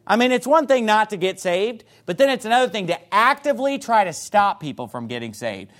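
Fiery high-voiced male preacher. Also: very animated, fairly quick, fairly bright tone. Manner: reads scripture aloud in old-fashioned wording. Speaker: pastor. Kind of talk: sermon.

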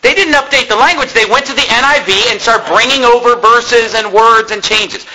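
An American man preaching a sermon, animated and mocking, swinging between loud points and low asides. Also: moderate pace, low-quality recording. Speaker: pastor.

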